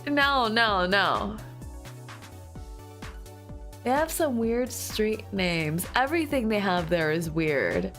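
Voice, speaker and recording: Slow-talking, giggly woman streamer. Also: medium pitch, expressive, a bit bright, soft background music. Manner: playful, giggly, with squealing outbursts. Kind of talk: casual chat with viewers.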